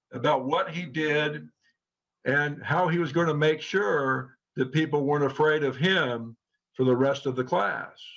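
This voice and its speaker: A middle-aged man telling a personal story earnestly to a group as a trainer. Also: on the high side. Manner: earnest, quotes people in lively tones. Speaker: co-founder and trainer. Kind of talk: storytelling talk. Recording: dull lo-fi sound.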